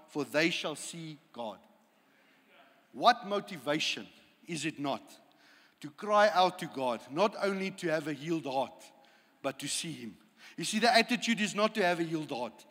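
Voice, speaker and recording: Impassioned high-voiced preacher. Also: male voice, a bit bright, big-room sound. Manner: impassioned, repetitive prayerful preaching. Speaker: pastor. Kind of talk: sermon.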